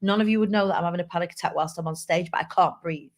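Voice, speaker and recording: Lowish-voiced lady chatting openly to her live viewers. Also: rapid-fire. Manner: candid, chatty, reads out comments. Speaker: live show host and speaker. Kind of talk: casual live-stream talk.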